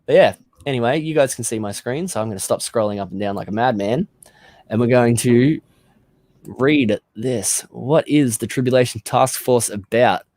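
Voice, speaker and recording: A man's voice: mid-range voice, normal speed, darkish tone, no echo. An Australian man co-hosting a casual livestream chat, playful and laughing often. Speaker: podcast co-host.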